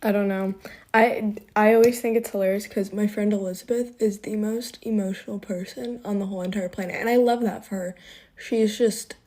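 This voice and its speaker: A bubbly young woman talks through her morning makeup routine in a loose, chatty way, and "like" slips into nearly every sentence. Her voice sits at a middle pitch and comes through close on a phone mic. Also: fairly even intonation, fairly quick, darkish tone. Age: young adult. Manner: chatty, bubbly, filler-heavy with many "like"s. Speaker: beauty vlogger. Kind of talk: casual get-ready-with-me chat.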